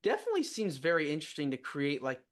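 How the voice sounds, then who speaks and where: A man's voice: fairly high pitch, huge pitch swings, fast. A man hosting an interview show, asking polite, earnest questions. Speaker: podcast host.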